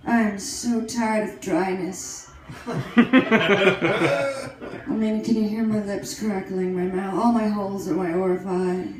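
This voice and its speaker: A woman does stand-up character comedy as a vain, self-dramatizing aging female celebrity hosting a comedy show, rambling in a crude, brassy manner. She delivers flatly in a medium pitch at a measured pace, pausing often and lightly acting, with crowd noise in a very echoey live room.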